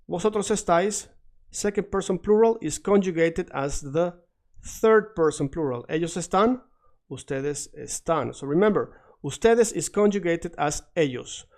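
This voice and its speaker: A man's voice: on the high side, a little mellow. A man, a teacher walking through verb forms step by step and drilling phrases in a recorded lesson. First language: Spanish. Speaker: Spanish teacher.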